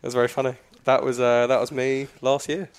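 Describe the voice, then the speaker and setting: Man, casual chat, animated storytelling, swears a lot. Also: mid-range voice, brisk, smooth. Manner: animated anecdote teller, swears freely. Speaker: podcast host.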